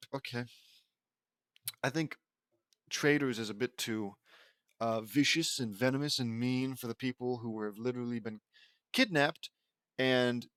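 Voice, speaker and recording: Another man mocks fan fiction as he reads it out, dramatizing the text and tossing in dry, sarcastic asides. His mid-range voice is a bit bright, clear and resonant, and the recording has no echo.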